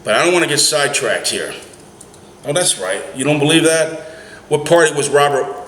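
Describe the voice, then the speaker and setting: Ranting cab driver, echoey room. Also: male voice, on the high side, normal speed, a bit bright, a little hiss or hum. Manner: emphatic, heated, rhetorical questions. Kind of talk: opinionated political rant vlog. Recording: echoey room, faint ambience.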